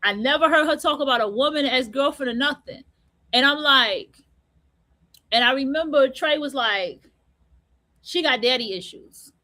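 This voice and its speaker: A woman hosting an online radio show, talking in a high voice. She tells stories in a blunt, profane, slang-heavy way. The delivery is loose, like a casual monologue. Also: normal speed, pushed and bright. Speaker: host.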